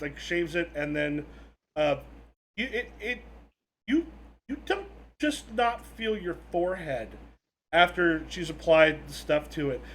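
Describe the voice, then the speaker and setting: A man's voice: high voice, a bit bright, slight background noise. A man running a tabletop game as game master, giving loose, rambling explanations.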